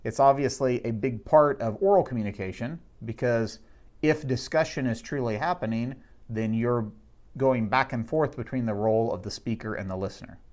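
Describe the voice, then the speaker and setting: Man giving a measured classroom lecture. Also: medium pitch, darkish tone. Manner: measured, explanatory, with slowed emphasis on key words. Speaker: instructor. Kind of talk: recorded lecture summary.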